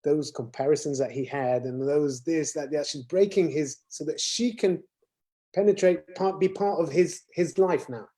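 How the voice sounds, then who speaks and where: A man's voice: a little high, moderate pace, warm tone. A man, a rabbi, explaining ideas earnestly in a casual conversation.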